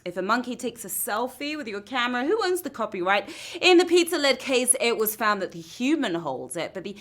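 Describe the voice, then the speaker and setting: A woman's voice: a little high, big pitch swings, fairly quick, fairly bright tone. A woman hosting a live trivia game show, playful and full of puns, with show music behind her. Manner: playful, punny and upbeat. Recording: phone recording of a stream with music behind.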